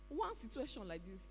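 A preacher with a Nigerian accent delivering an animated, exclamatory sermon in a church hall. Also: medium pitch, slightly rough. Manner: animated, exclamatory, with pidgin interjections. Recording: reverberant hall.

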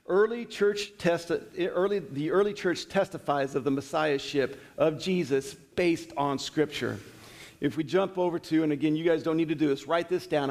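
Male preacher, slightly higher voice, relaxed conversational sermon, reads verses and acts out the stories. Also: in a large hall. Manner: conversational teaching with scripture readings and acted retellings.

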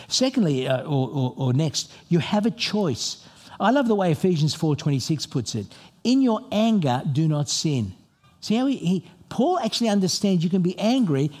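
A man's voice: fairly high pitch, breathy edge. A middle-aged man preaching a sermon as a pastor, telling stories and asking the congregation questions. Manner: animated, storytelling, asks the audience questions. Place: church hall before a congregation.

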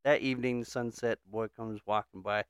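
A man co-hosting a podcast, telling a joke in a relaxed way and laughing often. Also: on the low side, normal speed, smooth, dry recording, clean studio sound. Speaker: podcast co-host. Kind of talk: casual chat, joke telling.

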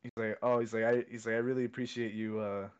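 A man's voice: mid-range voice, level tone, fast, clear, resonant tone. A young man telling a long story in casual chat, rambling and repeating himself. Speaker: podcast co-host. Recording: dull lo-fi sound.

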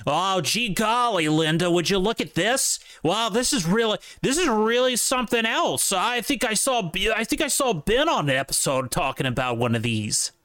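A man's voice: sits high, lively intonation, normal speed, hardly any pauses, fairly bright tone, no room sound, pitched above the performer's own voice. A man voicing a gushing middle-aged Northern tourist who is full of goofy gee-whiz awe. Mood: gawking.

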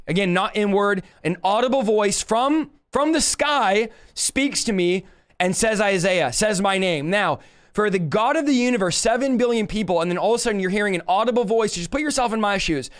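A man's voice: high voice, clean tone. A man in his thirties telling his testimony on a live stream as a preacher, fervent and emphatic, repeating phrases and speaking straight to his viewers.

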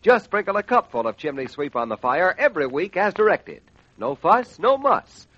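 A man announcing on a radio show, reading a brisk hard-sell advertisement, on a dull lo-fi 1940s radio recording. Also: sits high, very animated, a bit bright, dry recording. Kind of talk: radio ad read.

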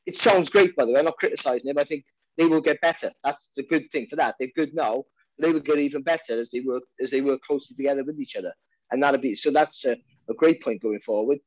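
A man's voice: mid-range voice, quick pace, dry recording, highs cut off. A man with a Welsh accent, a boxing commentator chatting casually and restarting his sentences often. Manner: rambling, many restarts and repeated words. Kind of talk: casual podcast chat.

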